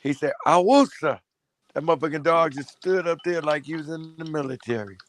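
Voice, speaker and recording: A man's voice: fairly high pitch, steady tone, quick pace, a bit bright, no echo. A man telling stories in a loose, profane, laughing way during a casual chat.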